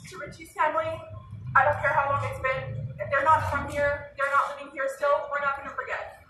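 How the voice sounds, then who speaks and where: A woman's voice: sits high, level tone, fairly quick, distant mic, noisy background. A woman giving an earnest, urgent protest speech outdoors in the sun, swearing now and then. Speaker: rally speaker for an activist group. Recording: echoey PA sound heard from afar.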